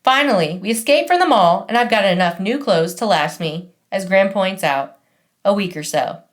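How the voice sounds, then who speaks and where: A woman narrates an audiobook in the first person, wry and conversational. Her voice is mid-pitched for a woman, with a lively, animated rise and fall. It stays easy and talky throughout. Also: moderate pace.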